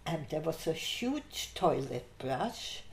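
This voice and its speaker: An older woman shares memories in an unhurried, lower-pitched voice, laughing as she tells her anecdotes. The recording has a noticeable room echo around her. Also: a little hiss or hum. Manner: lively anecdotal, laughs through her stories. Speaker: interviewee. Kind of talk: oral history storytelling. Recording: echoey room.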